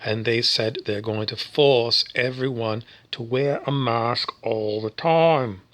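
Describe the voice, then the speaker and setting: A man's voice: mid-range voice, slow pace, a bit bright. A man from Canada talking in a meandering, wry vlog monologue, full of fillers and asides. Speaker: vlogger. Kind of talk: rambling monologue.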